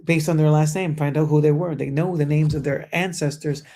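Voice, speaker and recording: Gravelly man telling a story, animated. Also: a little high, fairly quick. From Colombia. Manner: storytelling, animated, frequent "you know". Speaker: podcast co-host. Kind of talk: casual chat.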